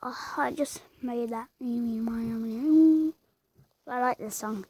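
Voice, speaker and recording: High, soft-toned woman for casual game commentary, chatty, unhurried, slips into whispers. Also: breathy edge, no room sound. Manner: chatty, sing-song, drifts into whispered asides. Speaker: gamer narrating her play.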